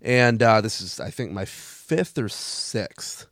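A man hosting a casual sports podcast, animated and argumentative. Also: on the low side, slow pace, dry recording, clean studio sound. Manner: animated, argumentative, laughs often. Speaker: podcast host.

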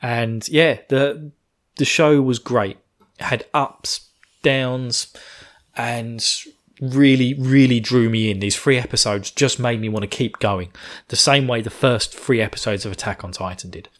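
A man talks through an anime review in a casual, animated way, laughing often and sometimes acting out the characters' lines. He sounds like a podcast host chatting with his co-hosts. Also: mid-range voice, a little slow.

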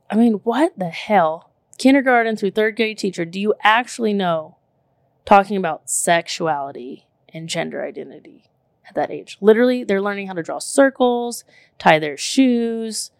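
This woman in her thirties chats casually at a moderate pace, her medium-pitched voice carrying a gravelly touch of vocal fry. She tells her story animatedly and emphatically, leaning heavily on "like." The recording sounds close and dry, with no room echo.

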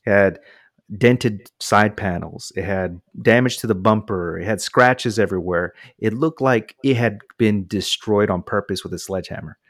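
A man's voice: on the low side, normal speed, no echo, studio quality. A man from the United States casually telling a long personal story, acting out quotes from the people involved. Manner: animated anecdote with voiced quotes.

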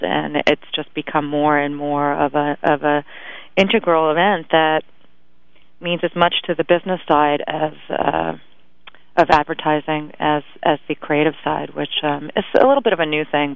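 A woman's voice: low voice, vocal fry, clear, resonant tone, no room sound. A woman guest in a radio interview who chats freely, laughs often and restarts her sentences. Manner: chatty, laughing, hesitant restarts. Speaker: guest, magazine editor. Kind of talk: casual interview. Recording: tinny phone line.

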